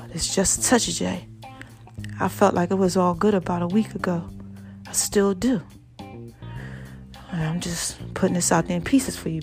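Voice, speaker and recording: A woman hosting a podcast, telling a personal story in an expressive, conversational way and talking straight to her listeners. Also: mid-range voice. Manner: expressive, conversational, addresses listeners directly as y'all and baby. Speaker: podcast host.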